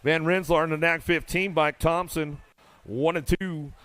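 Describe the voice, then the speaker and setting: High-voiced man calling BMX races. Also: fairly even intonation, a bit bright, smooth, dry recording. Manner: rapid-fire play-by-play, rattling off names; casual, folksy banter. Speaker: race announcer. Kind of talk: live BMX race commentary. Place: indoor arena.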